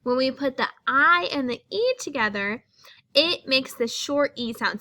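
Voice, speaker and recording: A woman's voice: high-pitched, expressive, unhurried, sharp tone. A woman teaching young children a phonics lesson, speaking patiently and sounding out each letter.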